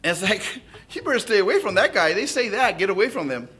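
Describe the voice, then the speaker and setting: A man delivers a sermon in a high, bright voice that swings widely in pitch. He keeps checking in with his listeners through short tag questions. His tone is lively and animated throughout. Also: quick pace, slightly rough. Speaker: preacher. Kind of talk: expository sermon.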